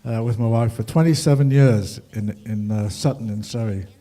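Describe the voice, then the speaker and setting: A man's voice: mid-range voice, moderate pace, mellow. An older man telling rambling, humorous stories to an audience, with many fillers. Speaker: ragtime musician speaking at a festival. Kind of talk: anecdotal talk to an audience.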